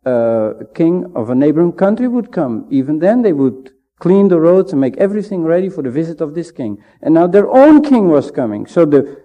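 Measured man preaching on lo-fi tape. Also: a little high, big pitch swings. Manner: measured, emphatic, with pauses. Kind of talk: Bible teaching sermon. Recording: dull lo-fi sound.

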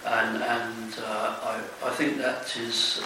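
A man commenting in a Bible study discussion, speaking haltingly with many hesitations. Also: on the low side, little pitch movement. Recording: echoey room, distant mic, faint hiss.

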